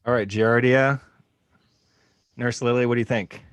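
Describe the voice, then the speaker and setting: A man's voice: medium pitch, fairly even intonation, unhurried, clear, resonant tone, no room sound. A man hosting a podcast, running a lighthearted quiz game in a casual, playful way and laughing easily. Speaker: podcast host.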